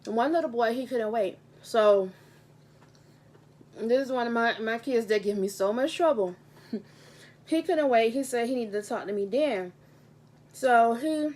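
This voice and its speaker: Young adult woman, teacher vlogging from home, on-camera mic; voice a touch high, earnest and heartfelt, repeats herself for emphasis. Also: measured pace, pauses often. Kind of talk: casual mukbang vlog talk. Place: table at home. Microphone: handheld camera mic.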